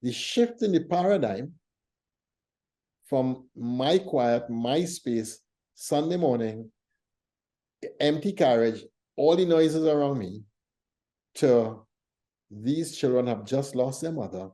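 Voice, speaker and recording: A man leads a reflective faith conversation. His voice is very dark and mellow, at a middling pitch. He teaches through stories in a measured, thoughtful manner. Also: animated. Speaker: church leader hosting a faith talk show.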